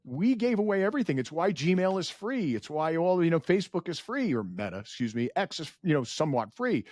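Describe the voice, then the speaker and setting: Earnest man in his forties, higher voice. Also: brisk, dry recording, clean studio sound. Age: 40s. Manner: earnest, animated storyteller, rises in pitch when emotional. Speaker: guest, data center founder. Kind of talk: podcast interview storytelling.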